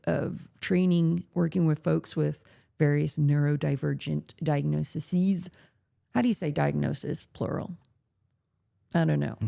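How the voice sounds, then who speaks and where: A woman's voice: lowish voice, vocal fry. A woman hosting a late-night chat, telling a story casually and acting out the voices of people she quotes. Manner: animated, acts out quoted voices. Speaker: podcast host.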